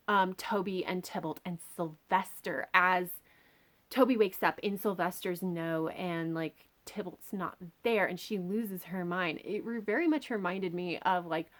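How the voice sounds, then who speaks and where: Give me an enthusiastic woman chatting casually about a book, at a middle pitch. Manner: chatty and enthusiastic, with filler words. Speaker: book reviewer. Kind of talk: casual chat.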